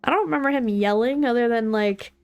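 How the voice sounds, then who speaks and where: A woman's voice: a little high, fairly quick, clean tone. A woman chatting casually and joking to herself as she plays a video game. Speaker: gameplay commentator. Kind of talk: casual gameplay commentary.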